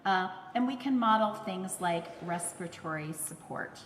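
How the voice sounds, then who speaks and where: A woman's voice: fairly low pitch, lively intonation, fairly bright tone, slight background noise. Woman lecturing in an echoey hall. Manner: explanatory, measured, with fillers. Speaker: conference speaker, speech therapist. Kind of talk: remote lecture presentation.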